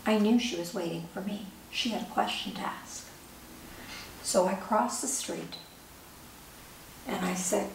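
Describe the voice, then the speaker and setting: A middle-aged woman, an author, telling a personal story in an earnest, measured way with pauses. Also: mid-range voice. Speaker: author and speaker. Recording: echoey room, distant mic, faint hiss.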